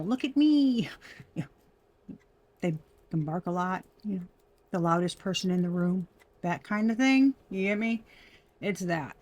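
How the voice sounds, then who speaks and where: A woman doing a casual tarot reading for viewers, chatty and quick to laugh. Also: on the low side, a little mellow. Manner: chatty, laughing often, addresses viewers as y'all. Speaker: tarot reader.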